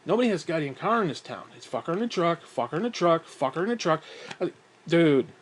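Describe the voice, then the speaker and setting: A man rambles through a story in a casual monologue, swearing freely and mocking himself. He sounds fed up, often sighs between thoughts, and his voice sits slightly high for a man. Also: big pitch swings, quick pace, a little hiss or hum. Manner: profane, exasperated and self-mocking, with frequent sighs. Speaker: vlogger.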